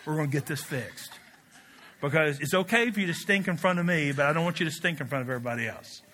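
A middle-aged male pastor from Kentucky, preaching a sermon with animated storytelling. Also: on the high side, fast talker. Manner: animated storytelling with laughs and shouted quotes.

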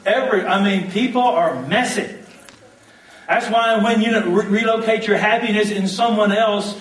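A man's voice: sits high, moderate pace, a bit bright. A man preaching a sermon in a church, joking and leading the congregation in call-and-response. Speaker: pastor. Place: church hall. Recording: echoey hall, mic at a distance.

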